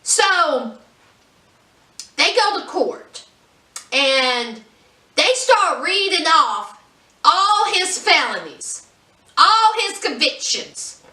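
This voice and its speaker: A woman's voice: extremely high pitch, sing-song, drawn-out words, pauses often, bright, forceful tone, far from the mic. A woman reviewing a reality show in a sassy, exasperated chat, calling her viewers honey. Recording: echoey room, voice off-mic.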